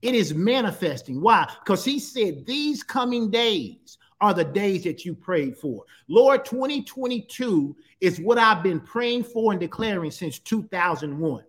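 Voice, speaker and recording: A middle-aged pastor delivers a sermon in a notably high-pitched voice. He preaches emphatically, repeating phrases and drawing out key words for weight. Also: sing-song, measured pace, few pauses.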